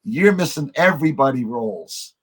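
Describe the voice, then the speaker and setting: A man, a podcast guest, telling long stories in a relaxed conversational way and acting out the other people's lines himself. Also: mid-range voice, moderate pace. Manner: animated storyteller acting out quoted voices. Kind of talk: conversational storytelling.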